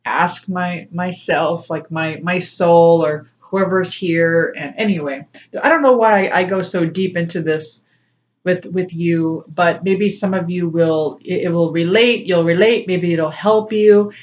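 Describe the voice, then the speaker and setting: A woman's voice: fairly low pitch, a little slow, muffled recording. Chatty woman sharing spiritual stories. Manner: chatty, laughs often, acts out voices in quotes. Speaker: spiritual coach and tarot reader. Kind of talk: casual personal talk to camera.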